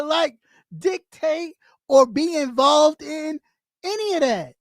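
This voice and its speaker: A woman's voice: sits high, animated, takes it slowly, no room sound, studio quality. A woman streamer delivering a blunt, mocking rant full of swearing. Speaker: YouTube streamer. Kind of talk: profane rant on camera.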